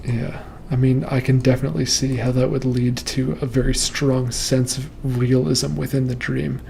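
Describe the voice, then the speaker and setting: A man hosting a show, reading nightmare posts aloud and calmly explaining what they might mean. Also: mid-range voice, vocal fry, a little hiss or hum. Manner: calm, measured, reassuring explanations. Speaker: host reading and interpreting nightmares. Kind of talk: casual commentary on listener dream posts.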